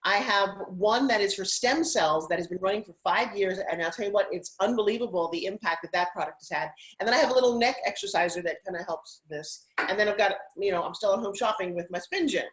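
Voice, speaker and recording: A middle-aged woman from Long Island, a guest on an interview show, telling her life story in an energetic, effusive way. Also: medium pitch, fast talker, hardly any pauses, low-quality recording. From Long Island, New York. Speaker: guest, TV host and fitness spokesperson. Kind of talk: interview conversation.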